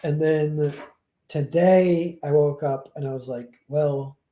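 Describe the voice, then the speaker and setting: A man's voice: on the high side, fairly even intonation, slow pace, mellow, roomy sound. A young man chatting casually on a livestream, rambling and self-deprecating, acting out quoted dialogue as he tells stories. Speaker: streamer and comic artist.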